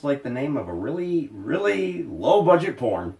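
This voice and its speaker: A man's voice: on the high side, big pitch swings, unhurried, vocal fry, hardly any pauses. A man co-hosting a casual movie review podcast, blunt and sweary in his opinions. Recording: roomy, distant mic.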